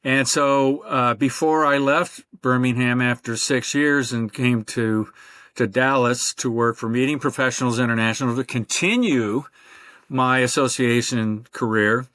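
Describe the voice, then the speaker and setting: An older man speaks as a podcast guest, his voice sitting at an ordinary middle pitch. He rambles through long stories, padding them with fillers and restarts. The sound is close and dry, with no room echo. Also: fairly even intonation, a little slow, fairly bright tone. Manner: rambling storyteller with many fillers. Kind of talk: conversational interview.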